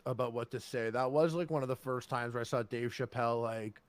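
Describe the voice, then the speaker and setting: A man's voice: medium pitch, fairly quick, dry recording. A man co-hosting a podcast in casual chat, rambling through stories and acting out quotes. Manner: rambling storyteller, acts out quotes. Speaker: podcast co-host.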